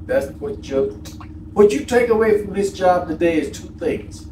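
A vlog co-host with a high voice speaks at normal speed as he tells stories in casual chat, animatedly acting out the people involved. The sound is echoey, recorded from a distance, with a little faint noise.

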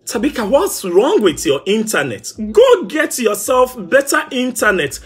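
A young man with a Ghanaian Pidgin English accent, hosting a live-stream gossip chat in a playful, teasing way, laughing and shouting often. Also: sits high, very animated, a little slow, hardly any pauses, husky. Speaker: gossip show host.

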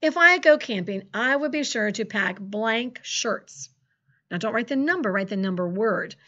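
Lively woman teaching young children. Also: on the high side. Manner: encouraging, sing-song, sounds out words slowly. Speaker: second grade teacher. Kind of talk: phonics lesson for young children. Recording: dull lo-fi classroom recording.

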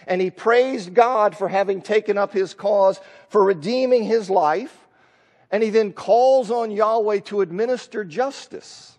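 A man's voice: high voice, measured pace, darkish tone, big-room sound. A man teaching a Bible class in a conversational lecture style, thinking aloud and acting out the lines he quotes. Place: church classroom.

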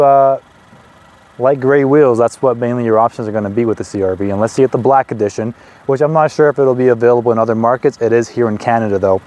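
A man in his twenties hosting a car review, talking in an excitable, chatty way with casual asides as he walks around a parked car outdoors. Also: medium pitch. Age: 20s.

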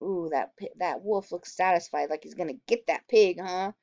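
A woman teacher reading a storybook aloud to children, expressive and animated, stopping to ask them questions. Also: fairly low pitch, normal speed, no room sound. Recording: dull, dry lo-fi recording.

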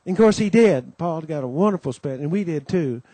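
A man's voice: on the high side, lively intonation, fairly quick, mellow, slightly rough, no room sound. A man hosting a Christian conference, welcoming the audience with homespun stories and many asides. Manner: homespun storytelling, many "you know"s, acts out quoted voices. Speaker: conference host giving the welcome. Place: conference gathering.

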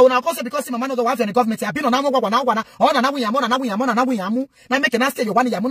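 Brief: Nigerian woman vlogger, high pitch, scolding rant, dry close sound. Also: a bit bright, breathy edge, no room sound. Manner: scolding, switches between Pidgin and local languages. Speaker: social media commentator. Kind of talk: impassioned rant to camera.

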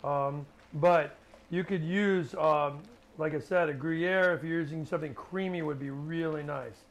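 Man, chef, casual cooking demo, gravelly voice, loose and chatty. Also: fairly high pitch, measured pace. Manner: relaxed, chatty, many fillers and restarts. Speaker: chef hosting a cooking video.

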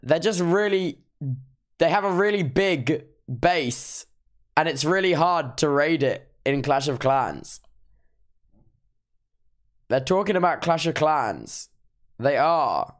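A sleep-deprived man streaming casually, reacting playfully and teasing his chat as he reviews unban requests. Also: a little high. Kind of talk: casual livestream commentary.

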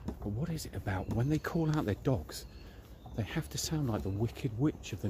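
A British man in his thirties talks casually and bluntly to a handheld camera, walking through a park. His voice is mid-pitched and slangy. Faint outdoor noise sits behind him. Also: lively intonation, moderate pace. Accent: British English. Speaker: fitness vlogger.

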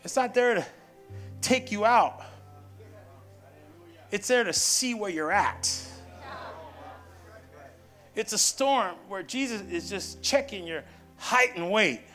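This pastor's sermon is slow and expressive, his high-pitched, sharp-toned voice broken by long pauses. Music plays behind him in the church sanctuary. He calls out to the congregation in call-and-response style, punchy and full of playful asides.

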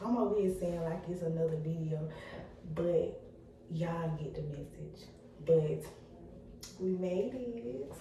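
Excited young woman vlogging on a phone. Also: lowish voice, takes it slowly, pauses often, very echoey, recorded from a distance, a little hiss or hum. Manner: excited, chatty, motivational. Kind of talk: casual vlog talk to viewers.

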